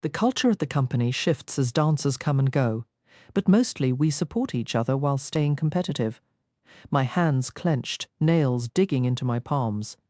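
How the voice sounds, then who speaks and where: A woman narrating a first-person romance audiobook in an expressive, intimate storytelling manner. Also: rumbling low, normal speed, dry recording, studio quality.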